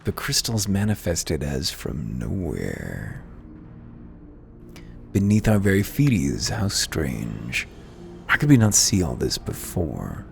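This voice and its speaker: A man's voice: rumbling low, wildly swooping pitch, takes it slowly, gravelly, a little hiss or hum, full character voice. A man reading out a formal young male scholar's lines in a stately, archaic manner while fighting hiccups. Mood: solemn.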